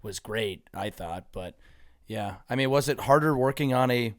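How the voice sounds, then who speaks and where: A man co-hosting a podcast, talking in a halting way and repeating words as he asks questions. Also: mid-range voice, no room sound, studio quality. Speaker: podcast co-host. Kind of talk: casual interview chat.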